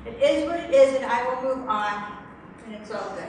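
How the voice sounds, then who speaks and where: A middle-aged woman in an emotional tapping exercise, speaking in halting bursts and repeating phrases back. Her voice sits a touch high. She sounds distant in a roomy, echoing space with some background hiss. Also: a little mellow. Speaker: workshop volunteer. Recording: echoey room, distant mic, some noise.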